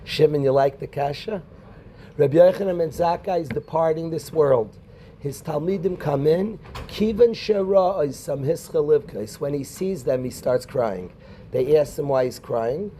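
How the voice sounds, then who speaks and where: A rabbi teaching a Talmud class in a conversational way, quoting Hebrew and Aramaic and calling on students by name. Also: male voice, a little high, moderate pace, background noise.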